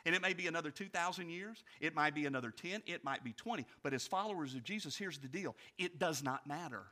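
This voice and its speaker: Bright-voiced animated male pastor. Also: on the high side, fast. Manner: animated storytelling, rising loud for anecdotes, dropping quiet for reflection; direct, addresses congregation with questions. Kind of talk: sermon.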